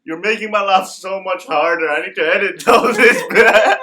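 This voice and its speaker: A man's voice: sits high, moderate pace, sharp tone. A young man, hosting a podcast in casual chat and joking and laughing a lot. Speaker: podcast host.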